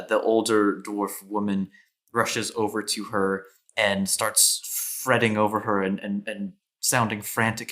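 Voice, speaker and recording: A man's voice: fairly low pitch, a bit bright. A man narrating a tabletop fantasy game as game master, hesitant, with many ums and restarts.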